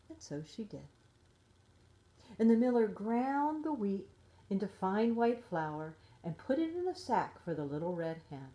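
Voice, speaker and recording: Slow, expressive middle-aged woman reading a storybook. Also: medium pitch. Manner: gentle and expressive. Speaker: parent reading to children. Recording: roomy echo.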